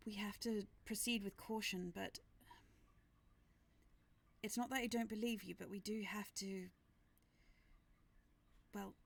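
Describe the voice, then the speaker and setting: A woman putting on a wary guard captain in whispered role-play. The voice stays hushed and hesitant, never rising above a low murmur. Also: steady tone, slow pace, gravelly, pauses often.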